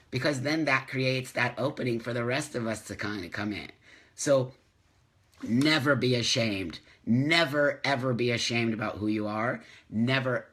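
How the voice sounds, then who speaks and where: A man's voice: mid-range voice, a bit bright. Man ranting emphatically on a livestream. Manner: emphatic, ranting, repeats phrases for stress. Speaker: host of a live morning show. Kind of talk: casual livestream chat reading viewer comments.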